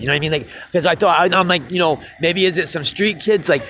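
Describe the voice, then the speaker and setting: A man's voice: fairly high pitch, quick pace, fairly bright tone, slight background noise. A man, a street musician, telling a rambling story in casual chat, swearing and laughing often.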